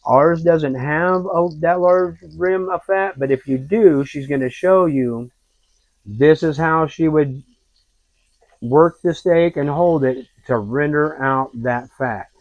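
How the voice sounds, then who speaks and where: A man hosting a home cooking video, narrating in a relaxed, folksy and rambling way. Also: on the high side, slow, no room sound. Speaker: cooking show host. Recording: dull lo-fi, dry.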